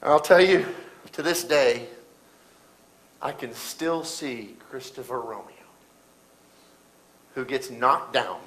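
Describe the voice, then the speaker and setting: A middle-aged man preaching a sermon, telling a story that swings between loud bursts and hushed, quiet moments. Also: medium pitch, slow pace, pauses often, rough recording.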